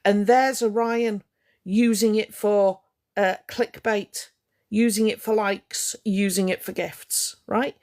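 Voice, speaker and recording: A woman's voice: medium pitch, slow, darkish tone. A woman ranting on a live stream to her viewers, indignant and confrontational, hammering her points home by repeating them.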